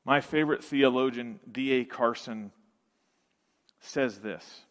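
A man preaching a sermon as pastor, emphatic, with dramatic pauses, dropping to a hush and then swelling again. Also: medium pitch. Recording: long reverb of a large hall.

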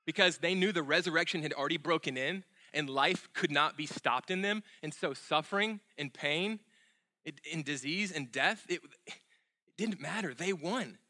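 Guy pastor preaching, really bright clear voice, earnest, lots of ums and restarts, goes quiet and low on the big lines. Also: moderate pace. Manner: earnest, repeats key phrases, drops soft and low on closing lines; fillers and restarts in unscripted stretches. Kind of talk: sermon.

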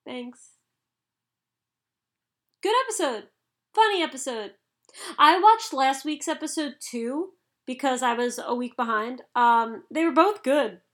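A woman co-hosting a casual chat about anime, bubbly, excitable and quick to giggle. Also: high voice.

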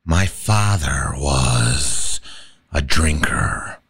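A man's voice: a bass voice, expressive, drawn-out words, fairly bright tone, breathy edge, voice pushed down, heavily acted. Joker, a man doing a purring clown villain. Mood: menacing. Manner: purring, whispered menace. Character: menacing male clown villain, unhinged.

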